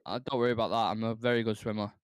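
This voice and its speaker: A man's voice: lowish voice, level tone, racing, clear, resonant tone, no echo, dull audio. A man co-hosting a live football watchalong, bantering, joking and swearing casually. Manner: joking, swears, says "mate".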